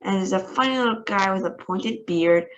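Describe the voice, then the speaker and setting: A woman's voice: mid-range voice, moderate pace, lo-fi sound, close to an everyday voice. A woman reading aloud, voicing a brash, cheeky male astronaut. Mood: reporting. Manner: brash, sassy.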